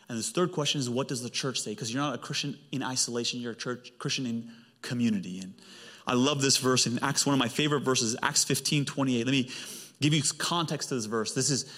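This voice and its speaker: A male pastor preaching a sermon with emphatic delivery and big swings in pitch. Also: a bit bright. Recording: long hall reverb.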